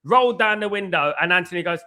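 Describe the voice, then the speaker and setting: A man's voice: high voice, expressive, fast talker, bright, forceful tone, smooth. A man hosting a live football watchalong from indoors at home, chatting in a loose, rambling way and often repeating "guys, absolutely". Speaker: livestream host.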